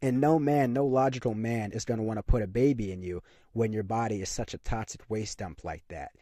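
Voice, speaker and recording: A man's voice: fairly low pitch, fairly quick, warm tone, dry recording, studio quality. A young man delivering an opinionated monologue to camera, ranting emphatically and repeating his points with frequent fillers. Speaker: commentary channel host.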